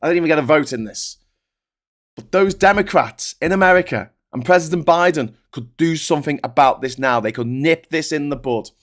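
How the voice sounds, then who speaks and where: A man's voice: fairly high pitch, fairly quick. Ranting man hosting a livestream. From United Kingdom. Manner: ranting, sweary and exasperated. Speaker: political livestream host. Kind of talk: livestream political commentary.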